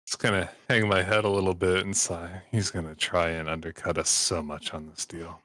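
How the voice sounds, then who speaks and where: A man's voice: sits low, little pitch movement, moderate pace, a bit bright, no room sound. A man playing a tabletop game, making dry, wry comments. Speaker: player. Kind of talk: casual tabletop play.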